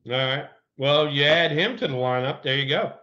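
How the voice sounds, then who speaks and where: A man's voice: fairly high pitch, normal speed, pushed and bright, muffled recording. A middle-aged man, a former pro baseball player, chatting casually and telling colorful, profane anecdotes. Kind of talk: casual sports chat and storytelling.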